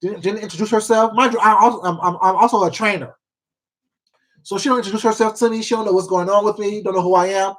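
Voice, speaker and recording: A man with a notably high voice for his sex, hosting an eating livestream. He rants bluntly, swears freely and hammers his points home through repetition, breaking off now and then to greet his viewers by name. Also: fairly even intonation, fast, a bit bright. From Washington State. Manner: blunt, profane and emphatic, repeats himself, greets viewers by name. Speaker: mukbang YouTuber. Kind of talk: casual live-stream rant while eating.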